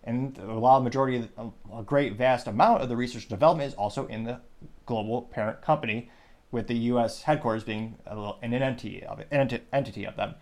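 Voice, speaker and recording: A man's voice: mid-range voice, fast, a little mellow. A man hosting a news commentary podcast, talking in a wry, digressive way with joking asides. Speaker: podcast host.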